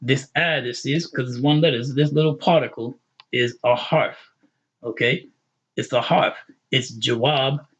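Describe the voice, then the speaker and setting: A man teaching an online Arabic grammar lesson, explaining patiently and repeating terms with quick English glosses. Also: mid-range voice, a bit bright, slightly rough, dull audio.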